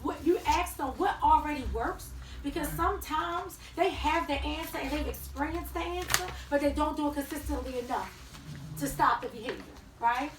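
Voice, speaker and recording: A woman leading a training workshop, talking directly to her audience in an animated way. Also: high voice, moderate pace. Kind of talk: teaching a workshop with role-play. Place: training room. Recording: echoey room from far off, faint noise.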